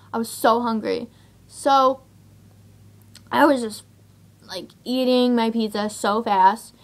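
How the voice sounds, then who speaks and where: A woman's voice: a little high, a bit bright. Chatty exasperated young woman vlogger. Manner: chatty, exasperated, lots of "like" and "whatever". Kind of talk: casual storytelling to camera.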